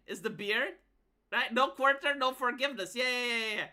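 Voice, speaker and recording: Streamer, live reaction, sarcastic, stammering, rambling, very bright sharp tone. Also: medium pitch, brisk. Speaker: VTuber streamer.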